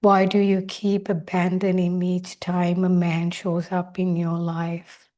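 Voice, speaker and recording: A woman's voice: lowish voice, completely flat delivery, measured pace, dark tone, close to an everyday voice. A woman speaking as her listener's hurt, neglected inner child, asking one reproachful question after another. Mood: pleading.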